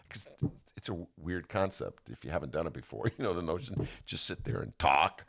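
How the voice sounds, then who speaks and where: A man's voice: low voice, very animated, fairly quick, gravelly, a bit bright. A man hosting a podcast in loose, rambling, self-deprecating chat. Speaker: podcast host. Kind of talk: casual chat.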